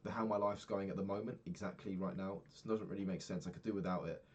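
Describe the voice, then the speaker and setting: A man's voice: sits low, fairly even intonation, quick pace, a little mellow, breathy edge, dull audio. A young man from the UK talking through his week in a rambling, casual diary vlog, swearing often and losing his thread. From United Kingdom. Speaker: vlogger.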